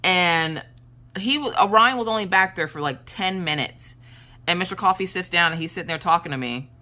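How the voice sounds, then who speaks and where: A woman's voice: on the low side, expressive, fairly quick, sharp tone. A woman in her late thirties from South Carolina, with a mixed Pennsylvania and Southern accent, telling a jokey story in a casual craft-along chat. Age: late 30s. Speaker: crafting vlogger.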